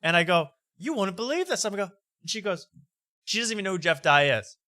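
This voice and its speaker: A man with a bright, edgy voice hosts a late-night comedy talk show. He mocks what he reads aloud and laughs often. The sound is dry and close. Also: high voice, fast talker, no room sound. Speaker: host.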